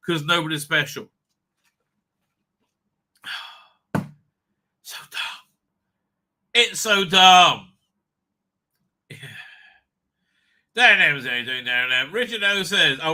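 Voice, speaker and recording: A man's voice: a little high, bright, forceful tone. A man hosting a livestream, ranting with a lot of swearing and exasperation, and reading chat messages aloud. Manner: reads chat names and comments aloud. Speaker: livestream host.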